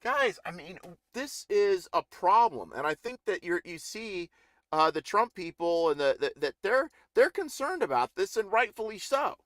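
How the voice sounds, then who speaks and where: Bright, indignant male political streamer. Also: high-pitched, big pitch swings, normal speed, no echo, studio quality. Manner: rambling, indignant, with restarts and mocking impressions. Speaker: live-stream political commentator. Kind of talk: casual political commentary.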